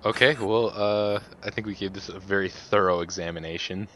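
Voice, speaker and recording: Playing a farming game as co-host of a gameplay video, this man keeps the chat casual and laughs a lot. He speaks a little fast with a steady, fairly bright tone, captured on a muffled low-fi mic with faint hiss.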